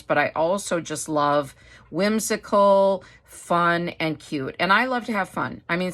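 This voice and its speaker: A woman's voice: on the low side, a bit bright. A middle-aged woman from Wisconsin chatting casually as a craft vlogger, rambling and laughing often. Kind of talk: casual chat.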